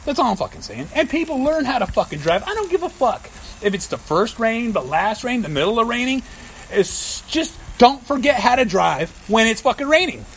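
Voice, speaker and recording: A man's voice: extremely high pitch, sing-song, fairly quick, fairly bright tone, slight background noise. A man hosting a casual podcast, ranting and swearing constantly while cooking in his kitchen. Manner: profane, ranting, heavy swearing. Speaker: podcast host.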